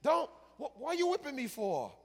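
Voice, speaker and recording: A man preaching voices an indignant, streetwise talking donkey in a high, squeaky outburst. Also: huge pitch swings, brisk, gravelly, big-room sound, full character voice.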